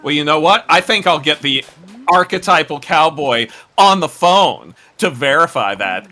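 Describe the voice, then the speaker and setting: A man in casual game-stream chat, teasing the others with deadpan jokes. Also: on the high side, moderate pace, faint music behind.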